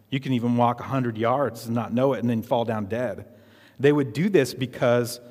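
A man's voice: mid-range voice, a little mellow. A man preaching a sermon as pastor, emphatic and repetitive, leading the congregation in call-and-response. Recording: reverberant hall.

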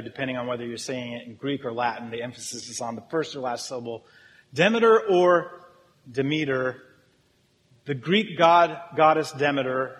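A man preaching a sermon in a casual, joking way, talking directly with his congregation. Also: mid-range voice. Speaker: pastor. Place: church hall with audience. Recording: long hall reverb.

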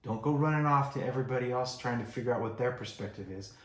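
Male pastor, mid-pitched, chatty sermon delivery, reverberant sanctuary. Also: fast talker. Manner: conversational, acts out quoted voices. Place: church sanctuary.

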